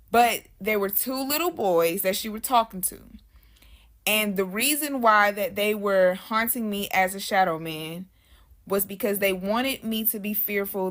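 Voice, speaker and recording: A woman's voice: mid-range voice, a bit bright. A young adult woman telling a spooky story in a casual, slangy way, talking straight to her viewers.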